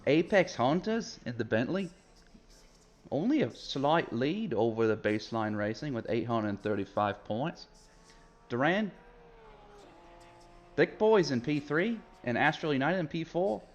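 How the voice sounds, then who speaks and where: A man's voice: mid-range voice, animated, unhurried, pauses often. An upbeat man co-hosting casual commentary on a sim racing stream. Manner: upbeat, laughing, hamming it up. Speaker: race commentator. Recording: slightly lo-fi mic.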